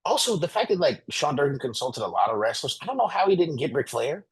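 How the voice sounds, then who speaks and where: A man co-hosting a casual film review podcast, thoughtful and halting, often repeating himself. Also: on the high side, big pitch swings, a loud crowd. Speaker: podcast co-host.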